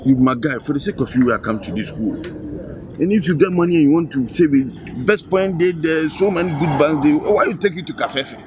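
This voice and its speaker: An actor with a Ghanaian Pidgin accent playing a concerned colleague who gives a steady warning. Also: male voice, a little high, brisk, a crowd in the background, lightly acted.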